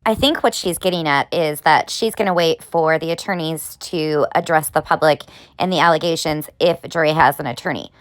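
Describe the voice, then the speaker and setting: A woman's voice: deep voice, normal speed, dry recording, studio quality. A woman hosting a commentary video, talking through clips with pointed, sarcastic questions. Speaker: commentary host. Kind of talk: drama commentary.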